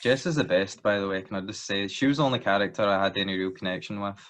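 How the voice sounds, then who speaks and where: A man with a fairly low voice co-hosts a casual film-review podcast. He chimes in with short, relaxed comments. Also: fast.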